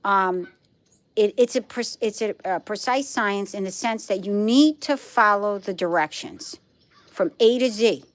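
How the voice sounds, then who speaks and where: A woman's voice: mid-range voice, unhurried. Brooklyn-accented woman, middle-aged, casual livestream chat, emphatic, repeats herself. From Brooklyn, New York. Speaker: livestream host. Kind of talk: casual live chat with viewers.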